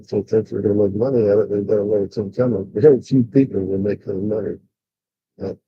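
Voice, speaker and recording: A man's voice: lowish voice, steady tone, fairly quick, slightly rough, no room sound. An older man rambling casually on a livestream, bluntly complaining, with many fillers and restarts. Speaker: vlogger. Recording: dull lo-fi sound.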